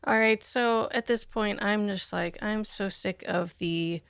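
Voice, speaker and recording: A woman hosts a comedy podcast in a casual, sarcastic chat, laughing often. Her voice sits at a middling pitch. The sound is dry and close. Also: unhurried, vocal fry, fairly bright tone, clear, resonant tone, no echo. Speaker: podcast host.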